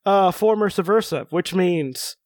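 A man's voice: high-pitched, measured pace, dry recording, studio quality. A man co-hosting a casual podcast chat, reading out a character profile with joking asides. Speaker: podcast co-host.

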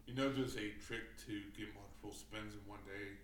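In a lowish voice with fairly even intonation and a moderate pace, a man chats casually about gaming, telling profane stories thick with fillers. His distant mic picks up a roomy sound and faint ambience.

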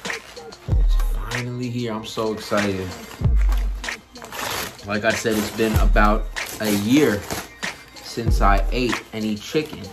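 A young man hosting a casual food vlog, talking loosely and excitedly to his viewers in slang. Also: lowish voice, takes it slowly, long pauses. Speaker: podcast host. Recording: music playing behind.

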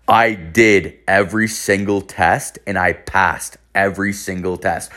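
A man's voice: lowish voice, a little slow, hardly any pauses, a bit bright. A young man from Canada, telling a story casually in a rambling, swear-heavy way. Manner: profane, rambling, filler-heavy.

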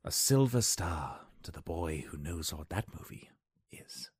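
Deep-voiced man rambling playfully on a podcast. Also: sing-song, unhurried, a little mellow, breathy edge, no echo, studio quality. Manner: playful, rambling, laughs at own jokes. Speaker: podcast host. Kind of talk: casual solo podcast monologue. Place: dim room at home.

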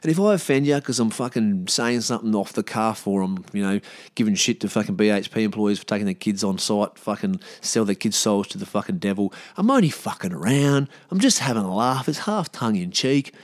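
A man's voice: lively intonation, a little fast. Heated, swearing Australian man. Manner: profane, heated and blunt, with sudden rises in pitch and loudness. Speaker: podcast host. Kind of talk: casual ranting podcast monologue.

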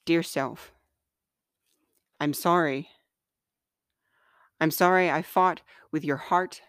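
A woman hosting a podcast and reading aloud from her own book in a gentle, measured, heartfelt way. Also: low-pitched, steady tone, smooth, no echo, studio quality. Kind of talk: slow, earnest reading of personal writing.

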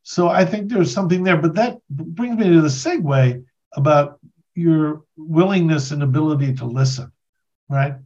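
A man's voice: on the high side, moderate pace, a little mellow, lo-fi sound. A man hosting a podcast interview, speaking in a thoughtful, meandering way with self-deprecating laughs. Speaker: podcast host. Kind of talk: casual conversational interview.

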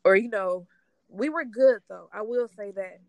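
Woman choking back tears, halting talk, dry close sound. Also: medium pitch, a little mellow, no echo, poor audio. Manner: halting, tearful, trying not to cry. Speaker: grieving sister sharing her story. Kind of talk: emotional casual conversation.

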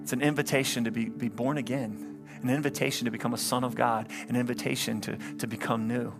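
A man preaching as a pastor in a church, pleading and impassioned, swelling loud and then dropping low during an altar call. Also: little pitch movement, fast, gravelly, music in the background. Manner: impassioned, rising to loud climaxes then hushed. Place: church sanctuary, livestreamed.

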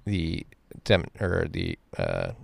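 A man's voice: deep voice, big pitch swings, creaky, husky, dry recording. A man hosting a podcast, talking bluntly and casually, wrapping up the show. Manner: blunt, profane, brisk sign-off host. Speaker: podcast host. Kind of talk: casual chat.

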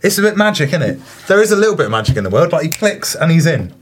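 A man's voice: fairly high pitch, very animated, racing, slightly rough. A man riffing through casual banter with a friend. He rambles and giggles, circling back with plenty of fillers and restarts.

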